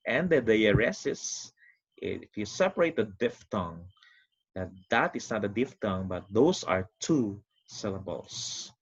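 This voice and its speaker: A man teaching a recorded online lesson, explaining step by step with quick recaps in an animated, sing-song way. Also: lowish voice, slightly rough. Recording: dull lo-fi recording.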